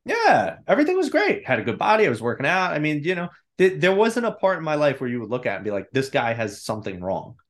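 A man in his thirties, a podcast guest, telling a personal story in a candid, animated way and acting out his own inner voice. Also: on the high side, fast, hardly any pauses. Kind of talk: casual storytelling.

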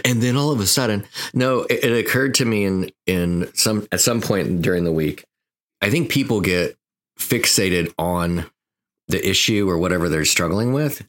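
A man's voice: low-pitched, normal speed, fairly bright tone. A man co-hosting a podcast, chatting casually about his therapy work. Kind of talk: casual banter.

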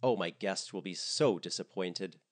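A man's voice: low-pitched, normal speed, lightly acted. A man reading a story, voicing a fussy, guilt-tripping elderly mother in a hospital bed. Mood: plaintive. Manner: fussy, dramatic, plaintive.

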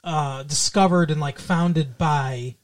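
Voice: medium pitch, slow pace. A podcast co-host from Michigan, chatting casually about a movie with lots of restarts and fillers.

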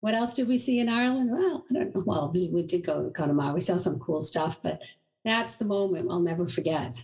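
A middle-aged woman from Boston, a guest on an interview show, telling stories in an animated, chatty way and often laughing through them. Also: on the low side, a little fast, rough recording. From Boston, USA. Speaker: inventor, guest. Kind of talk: casual interview storytelling.

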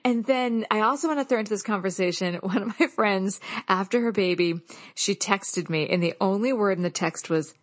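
Animated woman hosting a podcast. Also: mid-range voice, moderate pace, no room sound. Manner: laughing, animated storytelling. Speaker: podcast host. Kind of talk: casual conversational interview.

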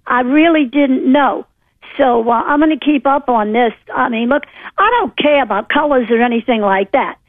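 A woman's voice: sits high, normal speed, dry recording. A woman from New Orleans calling in to a talk radio show, indignant and rambling with fillers. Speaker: caller. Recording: phone line.

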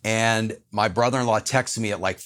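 A man, a podcast guest, telling a personal story in an animated, earnest way and acting out other people's lines. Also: lowish voice, normal speed. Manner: earnest, reflective.

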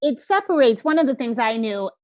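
Lively Rhode Island podcast host woman. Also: on the high side, fast talker, no echo. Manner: energetic, swears casually. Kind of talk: casual podcast conversation.

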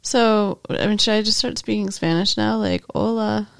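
A woman co-hosting a podcast in casual chat, offhand and quick to laugh. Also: medium pitch, vocal fry. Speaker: podcast co-host.

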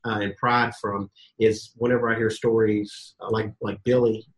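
A man telling stories in a casual podcast interview as a guest coach, animated, acting out quotes and swearing casually. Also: on the low side, normal speed, rough recording.

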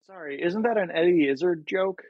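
A man's voice: high-pitched, moderate pace, no echo, muffled recording. A man co-hosting a podcast in casual chat, chiming in with short remarks and frequent laughs. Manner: laughs often, brief interjections. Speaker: podcast co-host.

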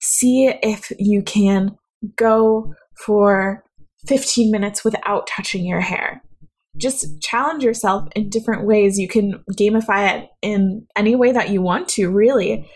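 A woman's voice: mid-range voice, a little slow, darkish tone, husky. Woman giving friendly speaking tips. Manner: conversational, coaching the listener directly. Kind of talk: instructional talk.

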